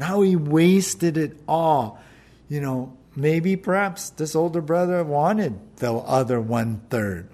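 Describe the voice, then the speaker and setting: Male preacher, higher-pitched, conversational and emphatic, sermon delivery. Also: a little mellow. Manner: emphatic, acts out quoted lines with rising pitch; conversational with filler words and restarts. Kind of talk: sermon, reading and explaining scripture.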